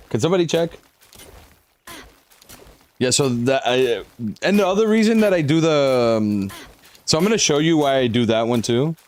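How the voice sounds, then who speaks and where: A young man on a live stream, chatting casually with viewers and walking them through a game, swearing now and then as he hypes them up. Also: mid-range voice.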